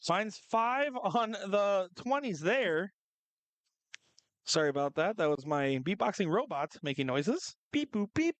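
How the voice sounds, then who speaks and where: A man commentating live darts, chatty and joking, with quick analytical asides. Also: high voice, animated, a bit bright, dry recording.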